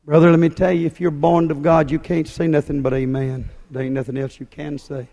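A man's voice: fairly high pitch, flat delivery, brisk, mellow. A man preaching a fiery sermon with an emphatic, hammering, repetitive delivery. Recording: long hall reverb.

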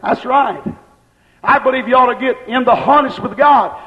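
A man preaching a sermon, slowing down and shouting at the high points. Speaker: pastor. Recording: reverberant church, dull lo-fi sound.

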